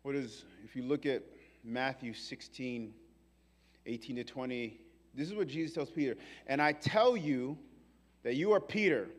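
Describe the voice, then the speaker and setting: A man from New York preaching a sermon, animated and fervent, acting out the voices he quotes. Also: medium pitch, normal speed. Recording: long reverb of a large hall.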